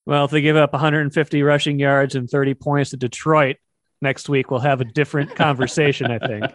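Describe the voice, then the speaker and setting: A man hosting a sports talk show, asking his guest questions and then reading out statistics in a plain, steady way. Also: mid-range voice, a little fast.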